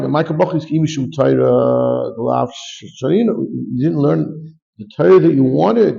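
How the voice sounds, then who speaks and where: A man's voice: medium pitch, expressive, brisk, vocal fry, dark tone, highs cut off. A man giving a Talmud class, reading Aramaic phrases and explaining them in English with frequent restarts. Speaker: rabbi teaching Talmud.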